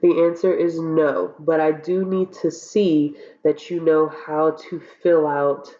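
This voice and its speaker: This college public speaking instructor has a low, mellow voice with a steady tone and a slow pace, sounding stuffy from a cold. In a recorded course walkthrough lecture, she casually goes over assignments, checking in with frequent "okay?"s and ums. The recording is roomy, dull and lo-fi.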